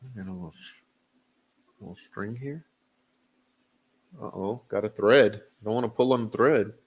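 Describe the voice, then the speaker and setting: On a lo-fi recording, a man with a husky, lowish voice hosts a casual livestream at normal speed. He greets viewers by name as he reads the chat, rambling loosely with chuckles and fillers.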